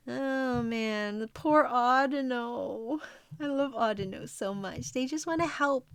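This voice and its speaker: A woman's voice: on the high side, takes it slowly, clean tone, soft background music. A young woman streaming as she reads a comic aloud, chatting casually with her viewers and using lots of fillers. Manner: chatty, relaxed, many fillers. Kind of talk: casual livestream chat.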